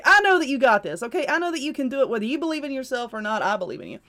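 A woman's voice: high voice, sing-song, racing, few pauses, fairly bright tone. Tired woman podcaster giving a pep talk. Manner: chatty, motivational pep talk. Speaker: podcast host. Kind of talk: casual solo podcast talk.

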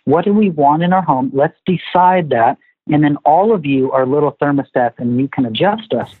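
A man being interviewed, telling family stories in a lively, animated way and acting out what was said. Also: on the high side, moderate pace, breathy edge, dry recording. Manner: animated storyteller, acts out family dialogue. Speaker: guest. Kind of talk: conversational interview. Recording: tinny phone-like line.

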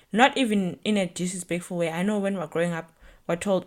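A young woman talks through a solo podcast episode. Her voice sits a little low for a woman, and she rambles in a chatty, reflective way, filling her sentences with "like" and "you know". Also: a little fast. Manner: chatty, reflective, animated storytelling with lots of "like". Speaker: podcast host.

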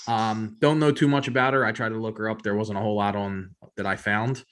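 A man co-hosting a casual chat about film news, relaxed and wry, trailing off with ums. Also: on the low side, brisk. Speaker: podcast co-host reading the news.

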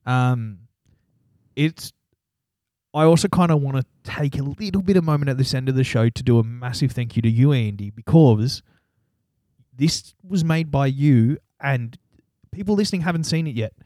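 A man's voice: medium pitch, normal speed, dark tone, no room sound, studio quality. A man, co-hosting a podcast in casual chat and laughing often as he banters. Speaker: podcast co-host.

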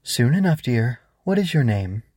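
A man's voice: medium pitch, sing-song, normal speed, darkish tone, breathy edge, no room sound, clean studio sound, pitched above the performer's own voice. A man voicing a small glowing magical bug in a children's story, prim, polite and insistent.

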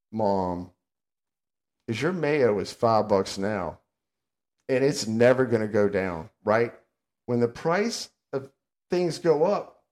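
A man's voice: medium pitch, darkish tone. Blunt, ranting older man. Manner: blunt, sarcastic, grumbling. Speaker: podcast co-host. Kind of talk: casual ranting chat.

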